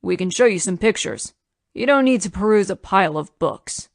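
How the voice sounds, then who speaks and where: A woman's voice: mid-range voice, lively intonation, moderate pace, creaky. A woman voicing a matter-of-fact police detective, businesslike, in an audiobook.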